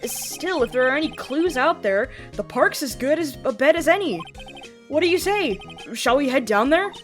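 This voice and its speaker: Read an earnest young male lawyer in a plain, matter-of-fact way, as a woman voicing him in her own voice, slightly high. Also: animated, normal speed, faint music behind.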